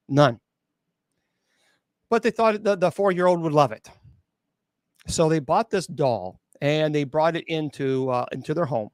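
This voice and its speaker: A man, a bishop and exorcist, telling a spooky true story at an open mic, halting with restarts and incredulous asides. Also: a little high, no room sound, clean studio sound. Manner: halting, with many restarts and fillers.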